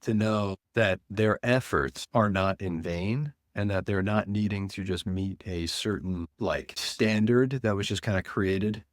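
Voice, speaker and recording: A man, a men's coach, speaking earnestly and deliberately as a guest in an interview. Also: on the low side, steady tone, dry recording, studio quality. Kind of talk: reflective interview talk.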